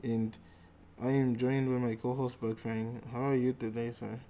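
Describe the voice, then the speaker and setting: A man hosting a casual podcast, laid-back and quick to swear when annoyed. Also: medium pitch, level tone, dark tone, slight background noise. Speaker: podcast host.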